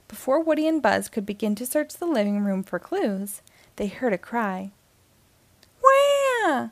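A woman reading a children's picture book aloud in a gentle, measured storytelling manner, close to the mic. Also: mid-range voice, dry recording.

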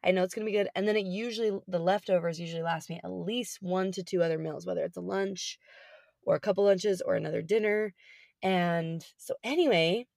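A woman co-hosting a podcast in casual chat, a little raspy and rambling in an upbeat way. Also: on the low side, fairly quick, darkish tone, no room sound, studio quality. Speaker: podcast co-host.

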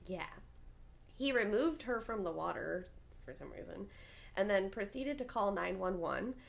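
Gravelly-voiced woman telling a crime story. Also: medium pitch, expressive, unhurried, slight background noise. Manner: chatty, rambling, many fillers and restarts. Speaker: podcast host. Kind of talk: casual true-crime storytelling.

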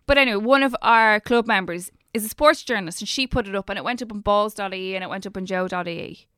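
A woman's voice: medium pitch, fast, fairly bright tone, smooth, dry recording, clean studio sound. A woman with a Dublin Irish accent, co-hosting a podcast in casual chat, ranting with animation and plenty of swearing. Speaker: podcast co-host.

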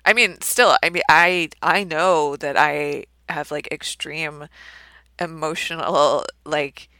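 A young woman chats candidly on a podcast, her lowish voice full of vocal fry and a bright edge. She talks in halting bursts, full of fillers. The sound is dry and close. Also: steady tone, no echo. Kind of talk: casual chat.

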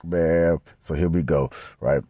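A man hosting a podcast in crude, rambling casual commentary that swings up loud and high when he gets worked up. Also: fairly even intonation, slow pace, very noisy. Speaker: podcast host. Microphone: podcast mic.

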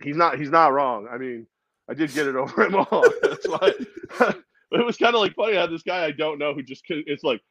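A man co-hosting a sports podcast, telling stories in a casual, animated way with lots of laughing. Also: a little high, fairly quick, no room sound. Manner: animated storyteller, laughs a lot.

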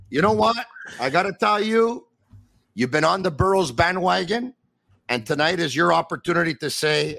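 Male podcast host, high-pitched, animated and theatrical, dry close mic. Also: moderate pace, gravelly, no room sound. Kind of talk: energetic sports talk and live ad reads.

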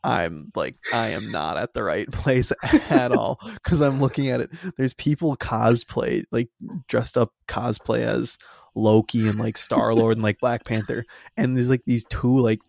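A man's voice: medium pitch, measured pace, creaky, darkish tone, no room sound, studio quality. A young man, co-hosting a podcast and telling an exasperated, sweary story with laughs. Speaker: podcast co-host. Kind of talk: casual storytelling chat.

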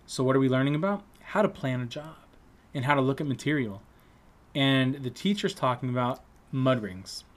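A man casually telling an animated, profanity-laced story in a relaxed chat, acting out what other people said. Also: medium pitch, normal speed. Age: adult trade-school student.

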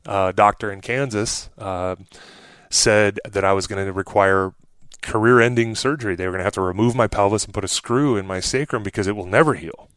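A man in his forties, a former pro athlete telling stories as a podcast guest, with an animated, sarcastic streak. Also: lowish voice, fairly quick, no room sound. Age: 40s. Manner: animated storyteller who acts out quotes, with a sarcastic streak. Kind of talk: casual interview conversation.

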